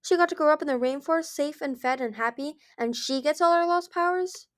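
A woman's voice: high-pitched, animated, moderate pace, no room sound, studio quality, pitched above the performer's own voice. Brief: hostile young male dragon, accusing tone, woman narrator. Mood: resentful. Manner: sullen, accusing.

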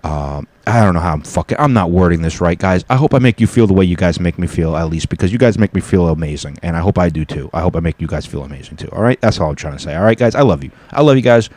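A man's voice: deep voice, animated, fast, hardly any pauses, darkish tone, dry recording. A man hosting his own solo comedy podcast from home, talking loosely and profanely in a rambling way. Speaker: podcast host and stand-up comic. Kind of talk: casual solo podcast chat. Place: home apartment.

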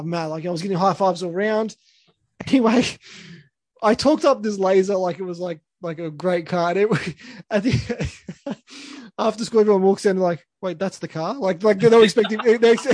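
Young Aussie bloke, high voice, dry close sound, chatty rambling host. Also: male voice, animated, normal speed, a little mellow, no room sound. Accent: Australian. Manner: rambling, many restarts and laughs. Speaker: podcast co-host. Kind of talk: casual storytelling.

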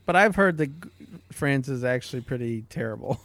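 A man's voice: medium pitch, animated, a little fast, a bit bright, no echo. A man co-hosting a podcast in casual chat, joking and full of fillers. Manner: joking, filler-heavy, laughs at own lines. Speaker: podcast co-host.

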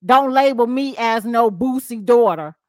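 A woman's voice: on the high side, unhurried, a little mellow, dry recording, studio quality. Bubbly gossip-show host woman. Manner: reacts with sighs and laughs, reads posts aloud with censored words. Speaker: podcast host. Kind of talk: casual gossip chat.

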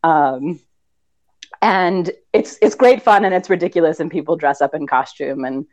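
Chatty American woman, lowish voice. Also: moderate pace, a little mellow. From United States. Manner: laughs often, explains with many fillers. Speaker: fanfiction writer. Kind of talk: casual chat.

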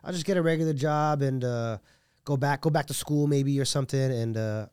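A man's voice: medium pitch, brisk, darkish tone, clean tone, no echo, studio quality. A man speaking as a jiu-jitsu coach in a casual podcast interview, rambling and earnest with many restarts. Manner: earnest and heartfelt.

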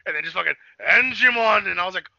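A young man chatting on a podcast, excitable and swearing a lot, acting out scenes with sudden shouts. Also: high voice, quick pace, vocal fry, dry recording, muffled recording. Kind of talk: excited casual chat.

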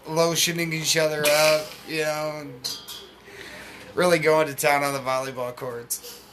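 A man's voice: on the high side, flat delivery, a little slow, a bit bright, slight background noise. A man hosting a podcast in loose, profane casual chat, laughing often. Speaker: podcast host.

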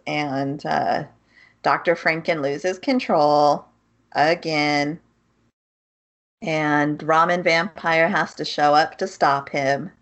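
A woman co-hosting a podcast, recapping an anime in casual chat, matter-of-fact with giggles. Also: sits low. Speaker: podcast co-host.

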